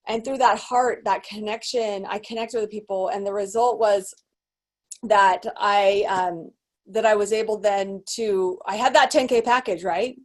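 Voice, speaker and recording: A woman business coach telling her story in an animated motivational talk, full of restarts and fillers. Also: mid-range voice, a little slow. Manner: animated, acts out quoted voices; rambling with many restarts and fillers.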